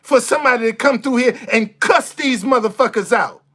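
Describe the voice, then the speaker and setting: A man's voice: very high-pitched, brisk, sharp tone. Blunt, profane man ranting to camera. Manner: blunt, profane, repeats himself for emphasis; stammers and restarts when fired up. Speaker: vlogger. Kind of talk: impassioned monologue to camera.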